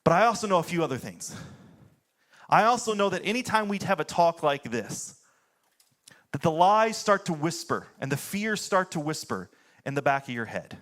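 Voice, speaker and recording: An American man in his thirties delivers a church sermon in a high, light voice. He sounds conversational, full of "like" and quick asides, then turns blunt and direct on his key points. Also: very animated, fairly bright tone. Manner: conversational preaching, fillers like "like", swings into blunt punchlines. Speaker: pastor.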